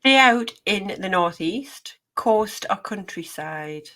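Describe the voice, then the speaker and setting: A woman hosting a podcast and chatting with a guest. She is encouraging and giggly, with a voice of middling pitch. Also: lively intonation, takes it slowly, a bit bright. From North East England. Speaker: podcast host. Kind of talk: casual chat.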